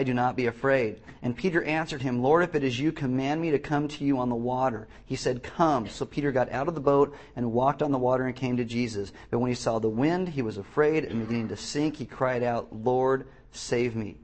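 A man preaching a sermon, animated, reading scripture aloud with emphasis and acting out the quotes. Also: mid-range voice, a little fast, hardly any pauses.

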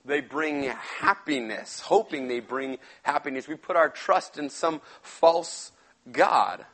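A young man giving a casual sermon, retelling a Bible story in slangy, animated talk and acting out the characters. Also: fairly high pitch, slow, breathy edge, poor audio. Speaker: pastor.

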